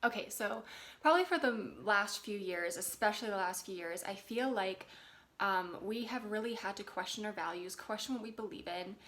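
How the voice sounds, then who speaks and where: Brief: young woman vlogger, gentle and earnest, encouraging tone, mid-range voice. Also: mid-range voice, moderate pace. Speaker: spiritual development vlogger. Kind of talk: casual direct-to-camera talk.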